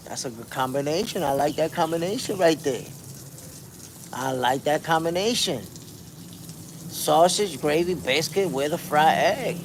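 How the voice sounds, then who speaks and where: A man hosts a casual stream, talking in a slangy, laid-back way as he reads out viewer comments. His voice sits a little high for a man. Faint noise hums behind him. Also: unhurried. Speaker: host. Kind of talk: casual live-stream chat.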